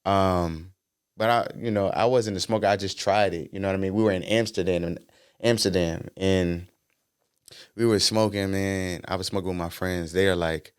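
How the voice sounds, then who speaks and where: A man with a low, smooth voice, talking as a podcast guest. He tells stories in a relaxed, slangy way with plenty of easy fillers. The sound is dry and close. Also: normal speed, no room sound. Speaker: guest, R&B singer-songwriter. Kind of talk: casual podcast conversation.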